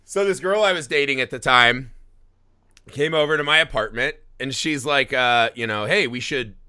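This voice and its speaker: A man in his thirties from the US Midwest, a podcast host telling a story in casual chat, swearing and acting out shouts with laughs. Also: mid-range voice, normal speed, clear, resonant tone. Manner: animated, swearing, acts out shouts and laughs while telling stories.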